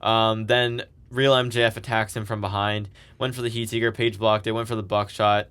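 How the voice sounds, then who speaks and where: A man with a fairly low, smooth and clear voice talks through a recap in a loose, chatty way. He rambles a bit, restarting sentences and tossing in "like" and "um" as he goes. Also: flat delivery, normal speed, a bit bright. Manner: rambling, filler-heavy recapping with laughs. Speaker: podcast co-host. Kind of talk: casual recap chat.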